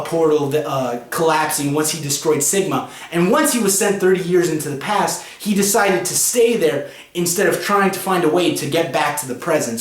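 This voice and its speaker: Guy rambling thru a comic review, kinda high voice, echoey room. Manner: chatty, many fillers and 'you know'. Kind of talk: casual spoken review. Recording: roomy echo.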